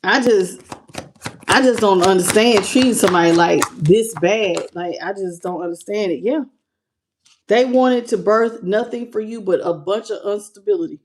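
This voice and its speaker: Woman tarot reader on a livestream, emotional and colloquial, mid pitch. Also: moderate pace, a little hiss or hum. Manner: emotional, greets viewers by name, colloquial. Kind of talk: live tarot reading.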